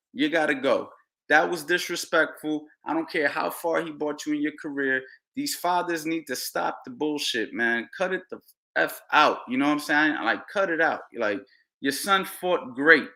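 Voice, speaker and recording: A podcast host on boxing rants heatedly in a slightly high voice at normal speed. He's animated and keeps repeating phrases.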